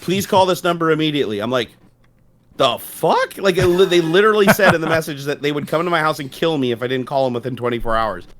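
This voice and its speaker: A middle-aged man co-hosting a casual livestream tells stories loosely and profanely, laughing often. His fairly bright, highish voice races along with hardly any pauses.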